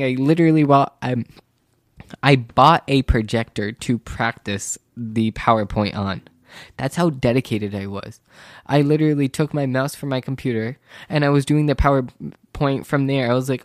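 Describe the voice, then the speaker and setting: A teenage male student telling a rambling, casual story, full of "like" and "literally," and growing animated when he feels wronged. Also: medium pitch, normal speed, no echo, clean studio sound.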